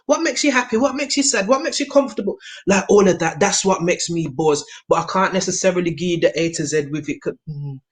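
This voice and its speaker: A woman from England, a guest in a casual conversation, talking in an animated, slangy way with lots of fillers. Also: on the low side, quick pace, hardly any pauses. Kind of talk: casual video chat.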